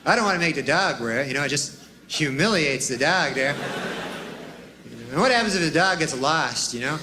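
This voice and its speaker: A man doing a stand-up routine in a drawling, deadpan way, with rambling asides. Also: a little high, moderate pace. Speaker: stand-up comedian. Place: comedy stage before a live audience. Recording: live club recording with audience laughter and noise.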